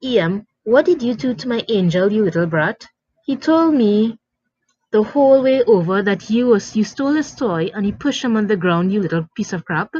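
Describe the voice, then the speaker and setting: A woman voicing a shrill, furious entitled mother who screeches insults, in a dry, dull lo-fi recording. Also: expressive, moderate pace, darkish tone, husky, no echo. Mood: sneering.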